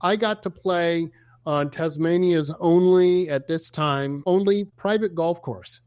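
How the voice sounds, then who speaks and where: A man's voice: on the high side, slow, a little mellow, clean tone, no echo. A man as a podcast guest, telling travel stories with enthusiasm and acting out the dialogue. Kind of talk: casual storytelling in an interview.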